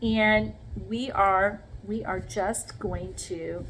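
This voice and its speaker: A woman's voice: mid-range voice, steady tone, drawn-out words, a bit bright, a little hiss or hum, low-quality recording. A woman demonstrating sponge painting in a casual craft vlog, talking viewers through each step and checking in with them often. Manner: chatty, talks viewers through each step with frequent "okay?". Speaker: craft vlogger.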